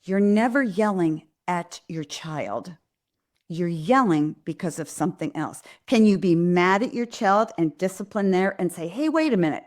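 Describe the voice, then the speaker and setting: A woman's voice: fairly low pitch, measured pace, darkish tone. A middle-aged woman hosting a live parenting Q&A, talking earnestly and directly to parents and acting out what parents and kids say. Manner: earnest, direct, acts out parents' and kids' lines in quotes. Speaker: pediatrician and parenting host. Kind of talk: live Q&A parenting advice talk.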